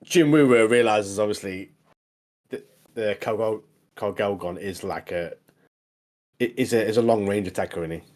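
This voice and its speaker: Guy with a lower voice, hyped on a podcast, lots of uh and repeats. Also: darkish tone. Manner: enthusiastic, halting with repeated words and fillers. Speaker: podcast co-host. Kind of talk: casual chat.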